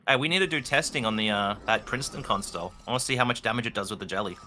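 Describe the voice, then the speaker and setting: An Australian man in casual voice-chat banter with a fellow streamer, excitable and boastful. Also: on the low side, very fast, slight background noise. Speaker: co-streamer guest.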